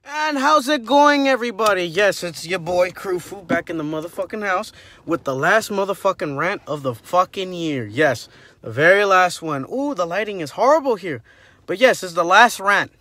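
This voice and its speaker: Young male vlogger, heated profane rant, slightly high voice. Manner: loud, profane, heated ranting. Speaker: vlog host.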